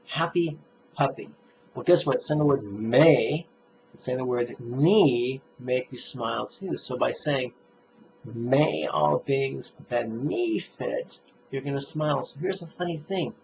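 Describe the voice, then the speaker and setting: A man guides a meditation lesson, pacing every phrase slowly and leaning on key words. The recording is muffled and lo-fi, with a faint hiss underneath. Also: mid-range voice, gravelly, darkish tone. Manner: slow, deliberate, emphatic phrasing. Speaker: meditation teacher. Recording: dull lo-fi recording with faint noise.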